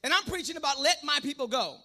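This Puerto Rican preacher has a strikingly high, very bright, tense voice that is expressive and fast. Using fervent call-and-response, he drops into soft asides and then surges into shouted exhortation.

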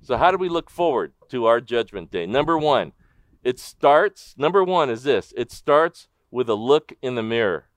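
A man preaching a sermon as pastor, animated in his storytelling and asking the congregation direct questions. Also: mid-range voice, normal speed, no room sound. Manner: animated storytelling, acting out the crowd's disbelief.

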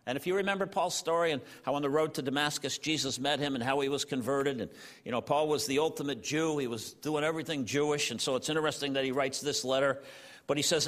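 High-voiced, animated preacher man; bright, long hall reverb. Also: brisk. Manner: animated, conversational, with filler "you know" and "he's like". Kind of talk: sermon.

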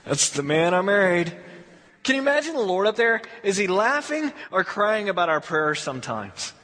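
Animated high-voiced pastor in a hall. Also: male voice, moderate pace. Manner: animated, conversational preaching with acted asides. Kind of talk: sermon. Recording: long hall reverb.

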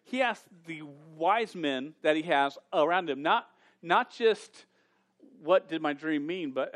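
A man preaching as a pastor to a room of young people, talking in a chatty, animated way with many restarts. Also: on the high side, slow pace. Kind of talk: casual youth sermon. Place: church room with an audience.

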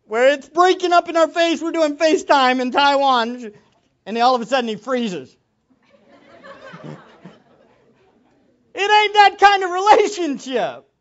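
A preacher giving an impassioned sermon, moving from quiet reflection to loud exclamations and closing in prayer. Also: high voice, animated, unhurried, long pauses, lo-fi sound. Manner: ends in prayer.

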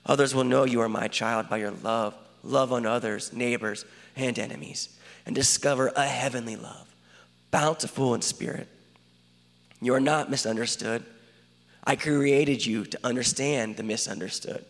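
A man's voice: medium pitch, steady tone, moderate pace, close to an everyday voice. A man voicing God as a loving fatherly creator in a spoken-word dramatic monologue, talking earnestly and intimately to one listener. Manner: earnest, intimate direct address. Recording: long hall reverb.

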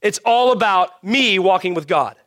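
A male pastor preaching a sermon, emphatic, swinging between raised emphasis and hushed, almost whispered lines. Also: high voice, expressive, moderate pace, no echo, clean studio sound.

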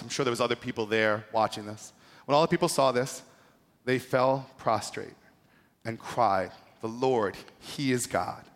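A man's voice: medium pitch, a bit bright. Casual joking male pastor in echoing hall. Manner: casual, joking, slangy preaching. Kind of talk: sermon. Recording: echoey hall with long reverb.

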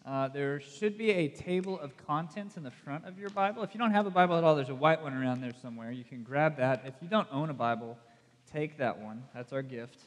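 A man's voice: on the high side, fairly quick. A man with a Southern US accent giving a casual, conversational sermon as pastor. He speaks in a chatty, self-deprecating way and puts direct questions to his audience. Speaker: youth pastor. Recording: long reverb from a hall.

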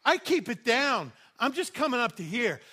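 A man's voice: very high voice, big pitch swings, normal speed, pushed and bright. A middle-aged man, a pastor, telling a personal story in a sermon and acting out other people's voices.

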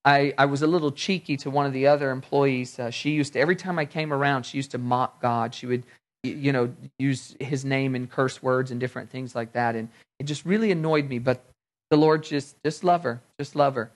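A man's voice: medium pitch, fairly even intonation, fairly quick. A man preaching a sermon, telling personal stories in a conversational way and acting out the dialogue. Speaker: pastor.

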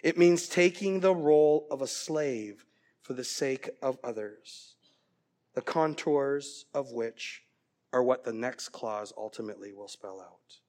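A middle-aged man preaching a sermon as pastor, earnest and growing animated as he tells a story. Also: medium pitch, unhurried.

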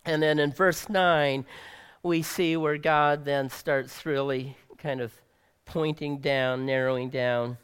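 A male pastor delivering a sermon, swinging dramatically between loud emphasis and soft near-whispers. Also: fairly high pitch, fairly even intonation, slow pace, clear, resonant tone, long reverb tail.

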